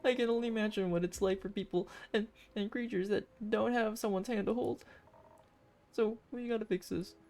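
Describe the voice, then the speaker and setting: A woman's voice: mid-range voice, steady tone, normal speed, a little mellow, pitched above the performer's own voice, natural voice. A woman voicing an eager, kind young female adventurer who talks in a bubbly rush with many fillers, in a visual novel game.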